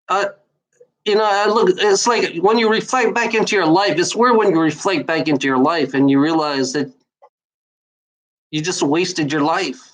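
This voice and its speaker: A woman's voice: mid-range voice, low-quality recording. A woman in her forties talking straight at the listener in a loose, casual monologue. She rambles, restarts and repeats phrases, and drops swear words all the time. Her tone is bitter and worn out. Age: 40s. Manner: rambling, repetitive, swears a lot. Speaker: vlogger giving life advice.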